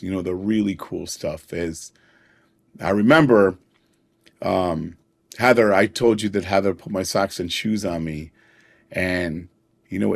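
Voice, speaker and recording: A man's voice: deep voice, vocal fry, a little mellow. A middle-aged man, a podcast guest, telling personal stories in an earnest way and chuckling now and then. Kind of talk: personal storytelling in a conversation.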